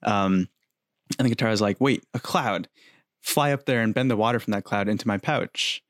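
A man's voice: on the low side, normal speed, fairly bright tone, dry recording, clean studio sound. A young man co-hosting a podcast, easygoing as he retells scenes with quoted lines. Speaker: podcast co-host. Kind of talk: casual recap narration.

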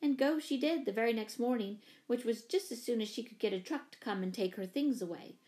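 Woman narrator, fairly high voice, clear even storybook reading. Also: a little fast. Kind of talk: scripted narration.

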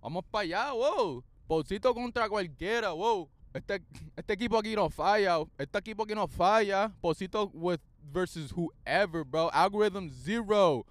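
A young man hosting a casual solo podcast. He is playful and profane, mixing English and Spanish, and swings from hyped outbursts to low mutters. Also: expressive, moderate pace, no echo. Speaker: podcast host.

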